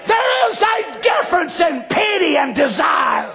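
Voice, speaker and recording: A man preaching a fervent sermon, dropping to hushed asides and then rising to shouted declarations. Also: very high-pitched, sing-song, unhurried, creaky, few pauses, crowd noise. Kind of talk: Pentecostal-style sermon.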